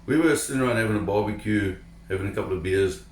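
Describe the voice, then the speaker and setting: A man telling a personal diving story to camera in an animated, emphatic way, repeating words when excited. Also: fairly low pitch, quick pace, reverberant, slight background noise. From South Africa. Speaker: shark diver telling a story.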